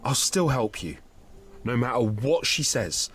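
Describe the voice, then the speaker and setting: A man's voice: medium pitch, very animated, a little slow, fairly bright tone, breathy edge, full character voice. An actor playing a shy, lovestruck young man who stammers nervously in voiced game dialogue. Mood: earnest. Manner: stammering, flustered.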